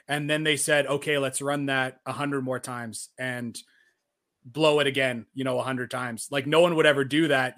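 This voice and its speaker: A man co-hosting a sports podcast, telling stories in a casual, animated way with lots of filler words. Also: medium pitch. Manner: animated storyteller, frequent "like" fillers. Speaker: podcast co-host.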